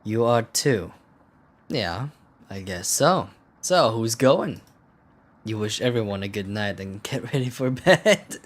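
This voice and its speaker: A man's voice: on the low side, expressive, slow pace, slight background noise. A man playing a video game, casually commenting and reading the game's text aloud, swearing often in a dry, sardonic way. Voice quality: profane, sardonic. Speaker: gameplay streamer.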